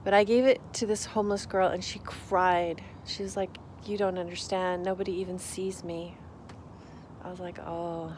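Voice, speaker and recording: A woman's voice: fairly low pitch, fairly even intonation, moderate pace, hardly any pauses, a little mellow. Chatty woman vlogger, rambling asides, faint hiss behind her. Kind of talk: casual talk to camera.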